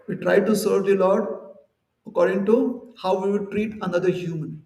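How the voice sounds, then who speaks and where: Gravelly man lecturing in an echoey hall. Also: sits high, steady tone, moderate pace, a little mellow, recorded from a distance. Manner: conversational, explains with everyday examples and acted-out quotes. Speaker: temple speaker. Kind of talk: devotional lecture.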